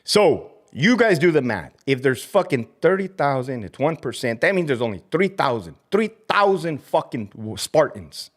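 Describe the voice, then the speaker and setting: Reading comments from chat, a middle-aged ex-corrections officer rants on his livestream about the job he left, swearing, mocking and dropping Spanish slang in a fired-up tone. He sounds a little high and very animated. His pace is moderate, with few pauses.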